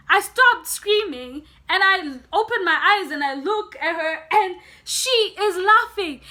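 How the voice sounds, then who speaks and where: A young woman tells a story to her viewers in a casual, animated way. Her voice sits high and sounds very bright and sharp. She keeps calling out to her audience as she talks. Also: unhurried, hardly any pauses. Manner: animated, addresses viewers as guys. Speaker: vlogger.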